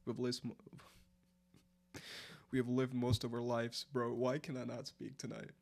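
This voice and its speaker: A man's voice: medium pitch, completely flat delivery, measured pace, vocal fry, darkish tone. A man, chatting casually and rambling through a late-night live stream, answering chat as he goes. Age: 20s. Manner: rambling, filler-heavy, answers chat aloud.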